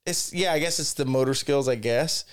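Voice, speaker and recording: Speaking at a moderate pace in a clear, resonant medium-pitched voice, this man co-hosts a casual podcast and laughs his way through rambling stories full of swearing. The recording is dry and studio quality.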